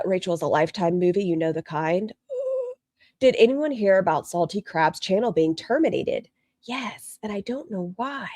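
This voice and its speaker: A woman's voice: on the high side, dry recording, clean studio sound. A woman hosting a casual livestream, chatting bluntly and reading viewer comments aloud. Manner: blunt and gossipy. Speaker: livestream host.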